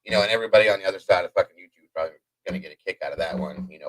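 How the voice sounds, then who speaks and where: Profane, animated male storyteller. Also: low-pitched, rapid-fire, hardly any pauses, low-quality recording. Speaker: host. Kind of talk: livestream storytelling.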